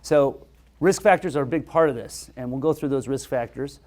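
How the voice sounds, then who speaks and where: Man, surgeon, medical lecture, conversational, hesitant, mid pitch. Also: moderate pace. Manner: relaxed, conversational, hesitant with fillers.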